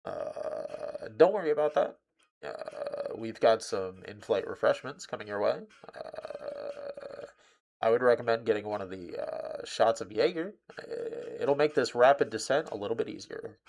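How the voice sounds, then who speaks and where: A low, gravelly airline captain, as a man puts him on speaks in a slow, unhurried drawl over the cabin speaker. He stays calm and fills every pause with long "uh"s, even while he announces disaster. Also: heavily acted. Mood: deadpan. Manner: slow, full of drawn-out "uh"s, calm about disaster. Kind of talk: comic impression.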